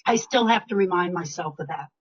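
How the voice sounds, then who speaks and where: A woman's voice: on the low side, fairly quick, breathy edge. An older woman giving a webinar talk as a motivational speaker, emphatic and chatty. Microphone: video call. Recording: lo-fi video call audio.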